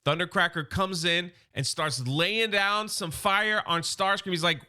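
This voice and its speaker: A man's voice: sits high, a little slow, few pauses, sharp tone. A man casually recapping a comic story as an enthusiastic fan, loose and chatty with some restarts. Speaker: comic book YouTuber.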